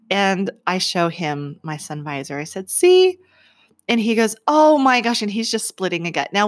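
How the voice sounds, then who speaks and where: Casting note: a woman in her forties, slightly low voice, chatty storyteller who laughs often. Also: fairly bright tone. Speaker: vlogger. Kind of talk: casual storytelling to camera.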